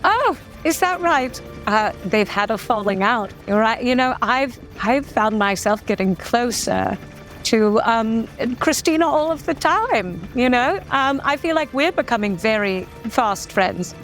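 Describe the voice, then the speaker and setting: A sly schemer who flatters in halting bursts , as a woman plays her. Her voice sits fairly high. Faint music runs behind.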